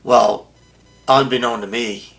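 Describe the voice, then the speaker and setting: A man's voice: mid-range voice, fairly even intonation, slow pace, gravelly, a bit bright, faint music behind. An older man bluntly telling a profane story as an interview guest, often acting out what others said.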